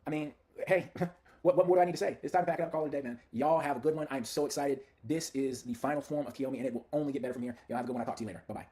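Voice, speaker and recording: A man casually walking viewers through a demo of software he built, chatty and hyped, talking straight to his audience. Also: medium pitch, rapid-fire. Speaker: software creator demoing his own tool. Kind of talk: casual screen-share product demo.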